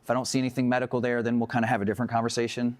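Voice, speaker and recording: A man teaching a class on emergency medical care, telling animated stories from the job and acting out the dialogue, laughing often. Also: mid-range voice, racing. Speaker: EMS instructor. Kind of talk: casual classroom lecture with stories.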